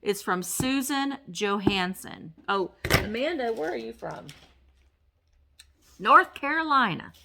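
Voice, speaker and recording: A woman's voice: fairly high pitch, animated, slow, vocal fry, heavy background noise. A woman vlogger chatting casually as she unboxes a package, gushing over each item and talking playfully to the objects. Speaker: reseller vlogger.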